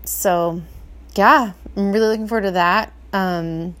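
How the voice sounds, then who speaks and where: A woman's voice: mid-range voice, unhurried, fairly bright tone. A woman in her forties hosting a casual podcast, chatty and rambling, swearing freely and laughing often. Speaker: podcast host.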